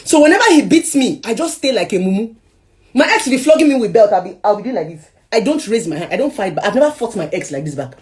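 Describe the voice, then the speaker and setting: Dramatic Nigerian woman telling her story. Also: on the high side. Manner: dramatic storytelling, swinging from hushed to loud. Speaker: speaker sharing a personal story. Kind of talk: emotional personal testimony.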